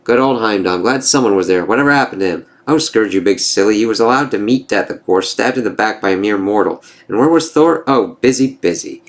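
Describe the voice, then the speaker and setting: A man's voice: lowish voice, fast, few pauses, close to an everyday voice. A man reading the lines of a bitter, mocking female enchantress from a comic, in a sarcastic, scornful way.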